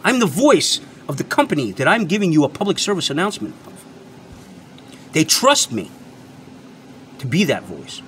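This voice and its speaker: Running his own product-review channel, this man delivers an off-the-cuff rant at his viewers, hammering points home, repeating himself and cursing liberally. His voice sits a little high with a sing-song lilt and a fairly bright tone, at normal speed with long pauses. A slight hiss or hum runs underneath.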